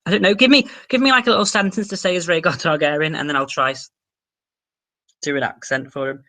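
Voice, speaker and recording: A young man with an English accent, hosting a casual livestream and chatting excitably as he answers viewer comments, swearing now and then. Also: a little high, quick pace. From England. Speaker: livestream host.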